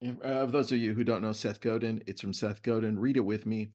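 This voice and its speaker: A man's voice: on the low side, brisk. A middle-aged man hosting a webinar, chatting casually and telling stories with animation over a video call. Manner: animated storyteller. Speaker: webinar host. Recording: muffled lo-fi web audio.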